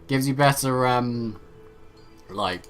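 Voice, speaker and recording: A man's voice: mid-range voice, slow pace, soft background music. A man casually commentating a video game, rambling and joking as he reads the game's dialogue aloud in an offhand way. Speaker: let's play host.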